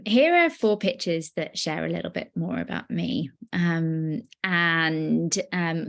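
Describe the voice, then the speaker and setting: A young woman giving an earnest, personal talk on a video call, with many pauses and fillers. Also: deep voice. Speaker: guest speaker. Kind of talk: virtual presentation.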